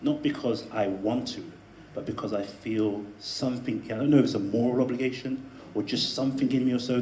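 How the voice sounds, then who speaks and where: A man's voice: medium pitch, steady tone, brisk, few pauses, darkish tone. A man speaking to a live audience, telling a personal story with laughing asides and building to emphatic peaks. His voice sits in a middle register. The room is echoey, with a faint hum of ambience behind him. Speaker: debate speaker.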